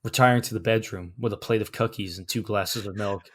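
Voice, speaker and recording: A man's voice: fairly low pitch, fairly even intonation, fairly quick. A man co-hosting a comedy podcast, reading fan fiction aloud and breaking into laughter as he goes. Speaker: podcast co-host.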